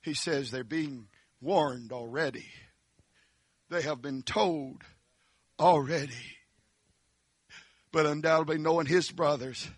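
High-voiced man preaching a dramatic sermon. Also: slow pace, pauses often, slightly rough, no echo, clean studio sound. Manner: dramatic, swinging from hushed tones to shouts.

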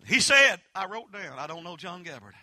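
A man with a Southern Appalachian accent preaching a holiness sermon, telling folksy stories that swell into impassioned shouts. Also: high voice, sing-song, normal speed, dry recording, studio quality.

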